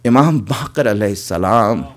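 A man's voice: on the low side, lively intonation, normal speed. A man giving an earnest religious sermon, repeating phrases for emphasis and calling his listeners his friends. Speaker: preacher.

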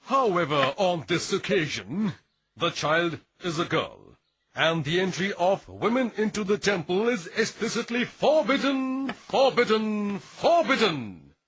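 A high, slow, emphatic voice of a rigid temple priest, insisting on every word. It is dubbed film acting. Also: male voice, lively intonation, fairly bright tone, husky, heavily acted. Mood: insistent.

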